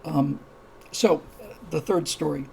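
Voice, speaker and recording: A man's voice: on the high side, slow, creaky, dark tone, slight background noise, poor audio. A man hosting a live-streamed show, telling a story in a casual, rambling way, with many restarts, and acting out the characters' dialogue. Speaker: show host.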